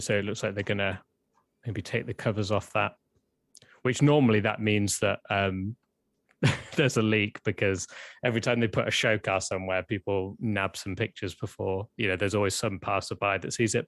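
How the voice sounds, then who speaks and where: A British man co-hosting a casual livestream, talking in a relaxed, hesitant way with lots of pauses. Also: on the low side, no echo, studio quality. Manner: relaxed, hesitant, lots of ums and sort ofs. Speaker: co-host.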